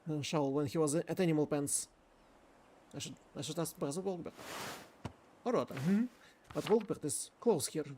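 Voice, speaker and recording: A man streaming a game, thinking aloud and shouting calls to the characters. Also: fairly high pitch, normal speed, long pauses, slight background noise. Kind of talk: game let's-play commentary.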